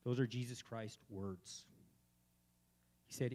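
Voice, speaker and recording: A man hosts a live community gathering. He gives a spiritual talk in a preachy manner that moves between quiet reflection and emphatic, fervent declarations. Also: medium pitch, fairly quick. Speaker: event host.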